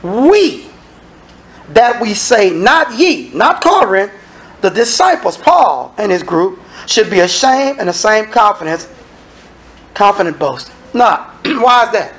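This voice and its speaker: A man preaching a sermon as minister, acting out dialogue and sometimes shouting. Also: sits high, a little hiss or hum.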